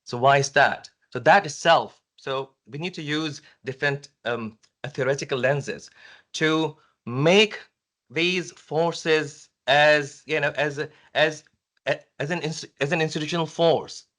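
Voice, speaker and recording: A man's voice: fairly high pitch, measured pace, fairly bright tone. Hesitant man answering at an academic panel. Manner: hesitant, many restarts and fillers. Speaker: conference presenter answering a question. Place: university lecture room.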